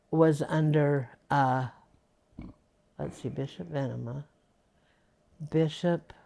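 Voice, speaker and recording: A woman's voice: low-pitched, gravelly, dark tone. An older woman being interviewed for an oral history, reminiscing in a rambling way with many fillers.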